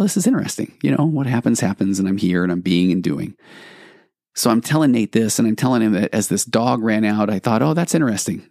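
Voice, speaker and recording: Low-voiced man telling a story. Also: a little mellow, no echo, clean studio sound. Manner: reflective, rambling with restarts. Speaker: podcast host, therapist. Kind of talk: storytelling monologue.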